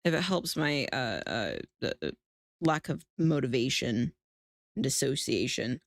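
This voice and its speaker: A drowsy woman streamer chats at home, laughing and cursing as she goes. Her pitch swings widely while she speaks slowly, and the sound is close and dry. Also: big pitch swings, no echo. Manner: chatty, swears freely, laughs often. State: sleepy, yawning. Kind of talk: casual chat.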